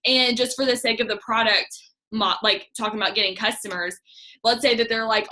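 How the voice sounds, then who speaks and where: A woman's voice: fairly high pitch, steady tone, a little fast, pushed and bright. A young woman giving casual coaching on sales messaging, chatty and upbeat with lots of "like.". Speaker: direct sales team leader.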